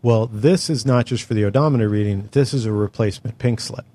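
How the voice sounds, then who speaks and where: A middle-aged Californian co-hosting a podcast tells a long story in casual chat, exasperated and swearing constantly. His voice is lowish and warm, and he speaks briskly.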